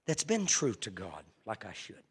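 A man preaching a sermon fervently, swinging from hushed confession to ringing shouts. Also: lowish voice, wildly swooping pitch, moderate pace, slightly rough.

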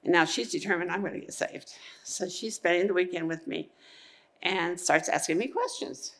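A middle-aged woman tells her testimony to a church congregation in a low, gravelly voice. She rambles earnestly, circling back and restarting as she goes. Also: moderate pace, a bit bright. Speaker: church member giving testimony.

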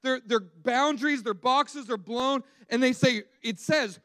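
A man preaching a sermon in an animated storytelling way, acting out the quotes he tells. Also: very high-pitched, slow, few pauses, dry recording.

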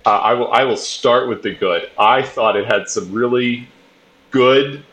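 A man's voice: mid-range voice, a little slow, a bit bright. A man co-hosting a podcast, chatting casually, hesitant, restarting a lot and swearing casually. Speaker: podcast co-host. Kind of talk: casual chat.

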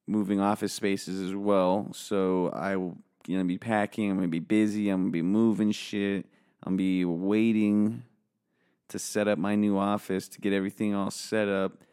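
A man's voice: low voice, dark tone, smooth. Profane, sarcastic American man rambling solo. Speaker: podcast host. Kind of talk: solo podcast monologue. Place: office. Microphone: studio microphone.

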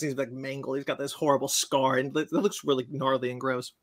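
A man on a podcast telling a long, animated story about a movie he saw and acting out its scenes. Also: mid-range voice, brisk, hardly any pauses. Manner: animated storyteller, acts out scenes in silly voices. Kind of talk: casual chat, movie rant.

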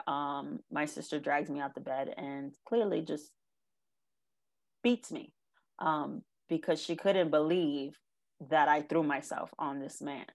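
In an interview, a young woman shares the hard story of her life in an emotional personal testimony, sounding close to tears. Her slightly low voice is creaky, and she speaks earnestly but haltingly, filling pauses with many "um"s and "like"s.

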